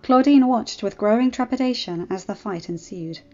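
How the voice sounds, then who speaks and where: A woman narrating a fan fiction story in a steady reading voice. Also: a little high, normal speed, lo-fi sound, soft background music.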